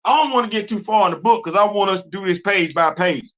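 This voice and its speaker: Animated high-voiced male comics host. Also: fast. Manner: animated, repetitive, exclaiming, laughing. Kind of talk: excited casual comic book talk. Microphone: live stream mic.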